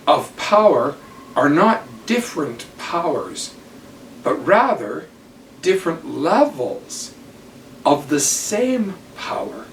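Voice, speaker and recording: Slow older man giving a devotional talk. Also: fairly high pitch, slight background noise. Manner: slow, deliberate storytelling. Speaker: church teacher. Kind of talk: devotional talk with personal stories. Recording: roomy, distant mic, faint ambience.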